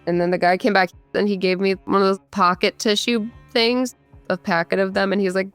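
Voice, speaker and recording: A woman's voice: mid-range voice, fairly even intonation, fairly quick, clean tone, no echo, soft background music. A woman in her thirties, originally from Michigan, recounting her own story in candid conversational speech with frequent fillers. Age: 30s. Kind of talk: personal storytelling.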